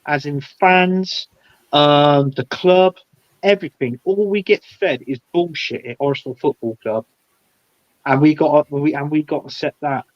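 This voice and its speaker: A man's voice: on the high side, unhurried, no echo. Guest, male, casual football talk; blunt and heated, trips over his words; muffled, dead-dry audio. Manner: blunt, heated opinions with stumbling restarts. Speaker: podcast guest.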